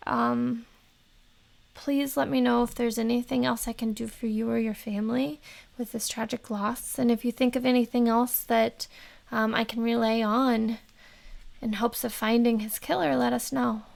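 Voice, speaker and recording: A woman's voice: fairly high pitch, level tone, normal speed, gravelly, darkish tone. A woman playing a tabletop game, speaking politely and hesitantly with many ums. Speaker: player.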